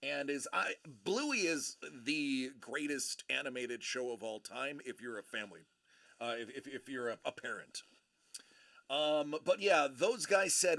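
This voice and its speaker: A man's voice: mid-range voice, measured pace, creaky, sharp tone. A man hosting a casual live stream, greeting viewers by name and rambling in a laid-back way. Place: California home studio.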